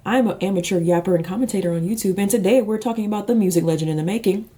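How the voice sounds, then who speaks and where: A woman's voice: mid-range voice, racing, background noise. A woman talking as a YouTube music commentator, casual and chatty with playful, sarcastic asides. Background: background music.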